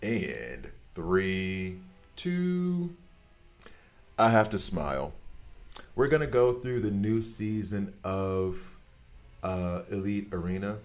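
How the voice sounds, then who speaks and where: A man hosting a gaming channel, talking in a blunt, animated rant that swears casually and trails off mid-thought. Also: fairly low pitch, slow, long pauses, faint music behind. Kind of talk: casual ranting chat.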